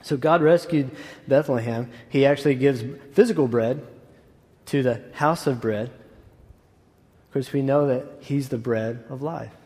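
A man's voice: medium pitch, measured pace, a little mellow. A man preaching a sermon as pastor in a casual, enthusiastic way with asides. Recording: echoey hall.

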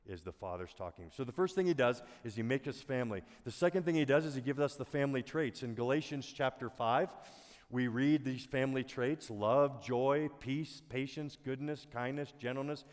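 A middle-aged man preaching a sermon as a pastor, earnest and soft-spoken, often dropping his voice almost to a whisper. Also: medium pitch, normal speed. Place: church auditorium. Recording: long hall reverb.

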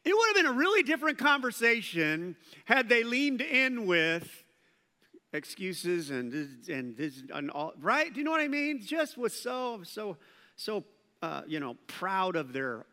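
Animated pastor with bright voice. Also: male voice, sits high, a little slow. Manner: animated, acts out quoted voices. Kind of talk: sermon. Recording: long hall reverb.

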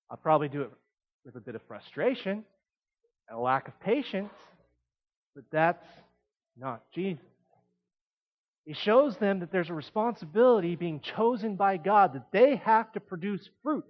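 A man preaching a sermon in an animated way, shifting between quiet explanation and emphatic points. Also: high voice, moderate pace, pauses often, lo-fi sound.

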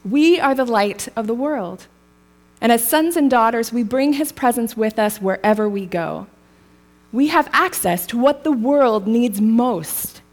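A woman's voice: fairly high pitch, expressive, measured pace, darkish tone. A woman preaching a sermon in a casual, storytelling way, laughing lightly now and then.

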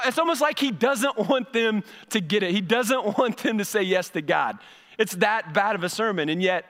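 A male pastor with a high, light voice delivers his sermon in a church sanctuary. His speech is conversational, and he doubles back on words as he builds toward a point. The sound carries a long reverb from the hall. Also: fairly bright tone.

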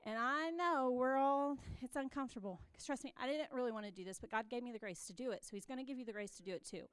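A high-voiced woman speaks from the front of a church in an earnest, exhorting teaching style. She repeats her key phrases for emphasis and the sound stays close and dry. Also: fast, clear, resonant tone, no room sound.

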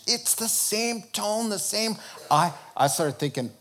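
A male preacher telling his conversion story in a sermon, animated and often laughing as he acts out conversations. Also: sits high, unhurried, a little hiss or hum.

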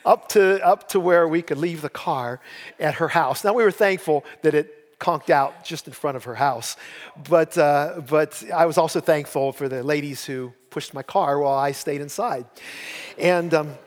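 Older man, pastor, high voice, folksy sermon storytelling, self-mocking humor, long church-hall reverb. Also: normal speed. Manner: folksy, self-mocking humor, chuckling at his own stories. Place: church sanctuary.

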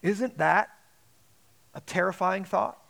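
High-pitched guy preaching, big emphatic delivery, acts out little quotes. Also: slow pace, gravelly, fairly bright tone. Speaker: pastor. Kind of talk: sermon.

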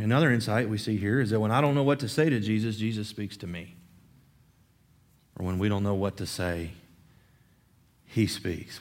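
A middle-aged male pastor preaching a sermon with animation, swinging between loud, emphatic lines and quiet, soft ones. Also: mid-range voice.

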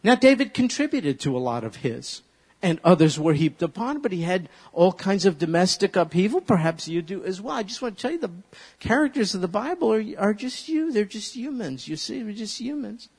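A man preaching a sermon as a pastor, animated and leading his listeners in repeating a verse aloud. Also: high-pitched, brisk, husky. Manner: animated, leads congregation in call-and-response recitation. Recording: long reverb of a large hall.

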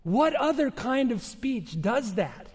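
A male pastor preaching a sermon with emphatic, measured delivery, rhetorical questions and dramatic pauses. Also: extremely high pitch, very animated, husky, big-room sound.

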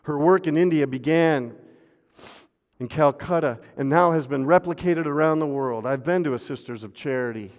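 A fairly high-voiced man preaching a sermon in a church sanctuary, his words trailing into long hall reverb. He swings between ringing, raised refrains and hushed, dropped asides. He calls on the congregation to repeat a refrain with him. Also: moderate pace. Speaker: pastor.

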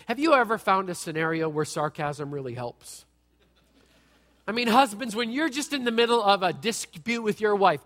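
A man giving a sermon as a pastor, with an animated, conversational delivery that jokes and asks the audience questions. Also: sits high. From United States. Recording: long reverb from a large hall.

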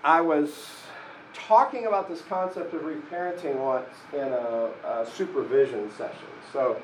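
A man who is a pastor and therapist giving a sermon in a slow, reflective, conversational way, often restarting his sentences. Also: on the high side, slight background noise, rough recording.

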